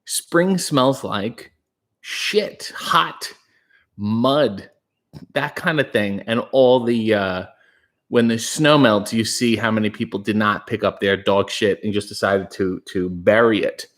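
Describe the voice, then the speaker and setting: Deadpan man chatting on a livestream. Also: on the low side, a little slow. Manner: deadpan, dry jokey asides. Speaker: livestream host reading chat. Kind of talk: casual livestream chat.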